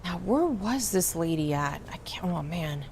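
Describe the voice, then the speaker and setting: A woman's voice: lowish voice, expressive, a little slow, a little mellow, slight background noise. A woman VTuber streaming a game, chatting playfully with her viewers and answering chat. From United States. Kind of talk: casual gameplay stream chat.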